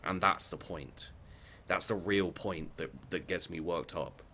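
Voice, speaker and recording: A deep-voiced man rants into his own vlog with a faint hiss in the background. He is blunt and sweary and circles back over his own phrases as he argues his point. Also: a little slow, bright, forceful tone. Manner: blunt, sweary, repetitive restarts. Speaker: vlogger. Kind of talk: heated opinion rant.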